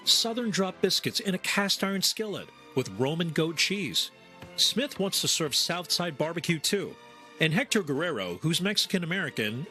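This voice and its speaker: Guy doing a news package voiceover, upbeat, bright sharp voice, light music under it. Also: high-pitched. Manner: lively, upbeat storytelling delivery. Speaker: food reporter.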